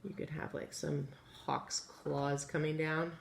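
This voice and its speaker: A woman teaching a phonics lesson to young children, patient and encouraging, sounding out letters slowly. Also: low voice, level tone, vocal fry. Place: classroom with chalkboard. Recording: echoey room, faint ambient noise.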